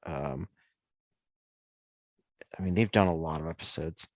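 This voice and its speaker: Man, podcast co-host, low voice, very slow, dry close sound, easygoing. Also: dry recording. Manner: easygoing, hesitant with many ums. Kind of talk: casual chat.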